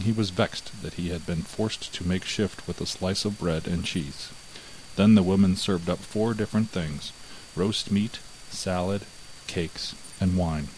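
Man, very low voice, measured fairy-tale narration, faint hiss. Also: a little mellow, rough recording. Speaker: storyteller.

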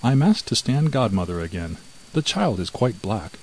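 A man's voice: lowish voice, sing-song, moderate pace, darkish tone, breathy edge, full character voice, poor audio. A man voicing a greedy, sly female house cat in a storybook, cool and evasive.

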